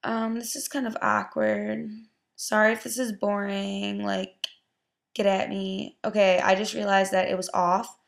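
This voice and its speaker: A young woman giving a casual hair tutorial, chatty and full of "like" and "um". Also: mid-range voice. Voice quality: gravelly vocal fry. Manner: chatty, lots of "like" and "um". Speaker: beauty vlogger.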